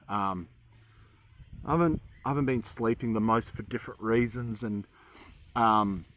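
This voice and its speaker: A man's voice: fairly low pitch, a bit bright. Chatty Australian man teaching spoon carving. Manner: rambling, chatty, self-deprecating humor. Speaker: woodcarving teacher. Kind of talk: casual instructional talk while carving.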